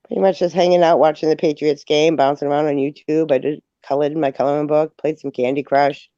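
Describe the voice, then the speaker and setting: A woman chatting casually on a livestream, telling stories in an animated way and laughing along as she goes. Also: sits low, quick pace, no echo. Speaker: livestream guest. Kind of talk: casual chat, storytelling. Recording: dull lo-fi stream audio.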